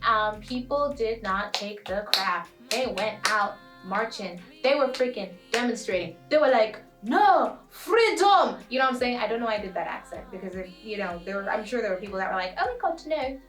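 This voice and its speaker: Animated young woman vlogging in an echoey room. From Malawi. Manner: animated, playful, with sudden high squeals and quiet asides. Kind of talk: comic monologue to camera. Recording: echoey room, voice a bit far from mic, light music.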